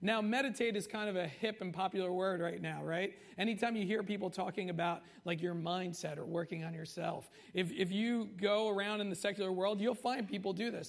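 Pastor guy giving a chatty sermon, kinda high voice with gravel in it, keeps checking in with the crowd. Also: fairly even intonation. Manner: conversational, frequent "okay?" and "right?" asides; slows down for emphasis on key points.

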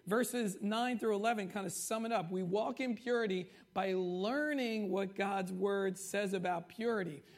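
A man preaching a conversational sermon as pastor, slowing down to stress key points and often asking the congregation "right?" and "okay?". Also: sits high. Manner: slows down for emphasis on key points.

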